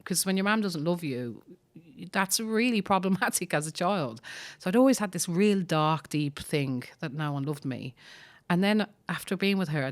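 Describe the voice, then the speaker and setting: A woman's voice: fairly low pitch, lively intonation, moderate pace. A middle-aged woman, a podcast guest and author, telling her life story earnestly and emphatically, swearing freely. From Ireland. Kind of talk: conversational storytelling.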